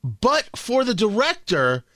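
A middle-aged man hosting a talk radio show, delivering a sarcastic, combative monologue that swings from low mutters to loud mocking outbursts into a studio mic. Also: wildly swooping pitch, takes it slowly, no echo. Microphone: studio broadcast mic.

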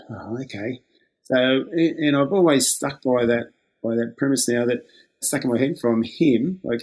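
A man's voice: medium pitch, a little mellow, husky. An older Australian man, a former lifeguard, telling stories in a laid-back way, acting out the quoted exchanges and chuckling often. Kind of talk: casual storytelling.

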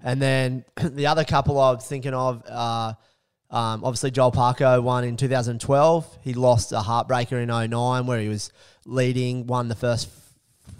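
Aussie bloke on a sports podcast, clear smooth tone, rambles on with lots of ums and you knows. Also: male voice, medium pitch. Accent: Australian. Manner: rambling, lots of fillers, drops quieter when musing. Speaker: co-host. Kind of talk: casual sports chat.

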